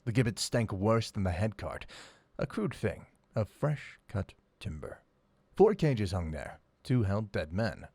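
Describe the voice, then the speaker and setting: A man's voice: lowish voice, a little mellow, breathy edge, no echo. A man reading a first-person audiobook with wry, sardonic storytelling. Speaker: audiobook narrator.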